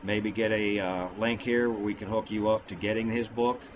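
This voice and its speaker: A man's voice: on the low side, level tone, moderate pace, background noise. A middle-aged man talking on his own vlog about faith in a casual, rambling, self-mocking way. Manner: rambling, goofy, self-deprecating. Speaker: vlogger. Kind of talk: casual religious vlog talk. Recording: dull lo-fi sound.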